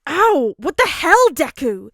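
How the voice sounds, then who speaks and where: A woman reading aloud voices a brash, hot-tempered teenage boy who snaps and shouts. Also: a little high, animated, normal speed, no echo, studio quality. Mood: snappish. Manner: shouting, snappish, rude.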